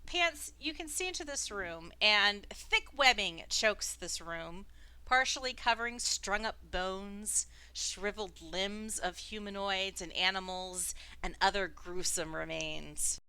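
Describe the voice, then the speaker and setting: A woman's voice: mid-range voice, slow pace, bright, forceful tone, clear, resonant tone. A woman narrating a tabletop game as dungeon master, describing scenes and laughing often.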